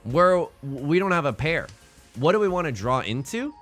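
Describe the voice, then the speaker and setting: A young man streaming a game, chatting casually and rambling excitedly to himself and his viewers. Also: a little high, normal speed. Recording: faint music under the voice.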